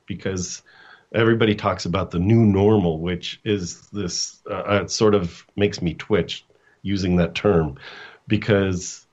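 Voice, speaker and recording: A middle-aged man with a low voice tells a story from his own life as a guest coach. He talks haltingly, restarts often and acts out quotes. The sound is dull and lo-fi, like audio from a remote call. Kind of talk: storytelling in a casual interview.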